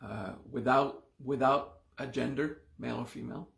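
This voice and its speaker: A man teaching a live meditation class, explaining a mantra and its hand gesture at an unhurried pace and often checking in with "okay?". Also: medium pitch, fairly even intonation, creaky, echoey room.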